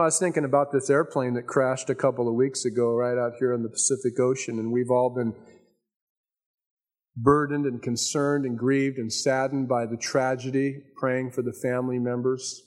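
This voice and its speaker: A man preaching a sermon in a conversational, storytelling way, slowing down to stress his key points. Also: mid-range voice, level tone, darkish tone. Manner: conversational storytelling, folksy asides; emphatic, slows down on key points. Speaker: pastor.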